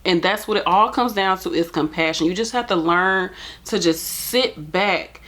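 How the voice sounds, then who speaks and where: A nurse talking straight to camera, earnest and pleading in plain casual speech. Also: female voice, lowish voice, moderate pace, a bit bright. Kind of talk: heartfelt direct-to-camera talk.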